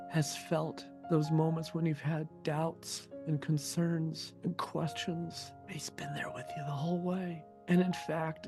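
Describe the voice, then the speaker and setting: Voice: mid-range voice, gravelly. An inspirational speaker talking emphatically and repeating phrases for effect. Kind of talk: inspirational speech. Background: background music.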